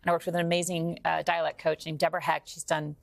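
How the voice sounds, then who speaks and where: A woman's voice: sits low, little pitch movement, fast, vocal fry. A woman from Georgia, a Broadway actor, chatting as a bubbly talk show guest who laughs and restarts her sentences. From Georgia, USA.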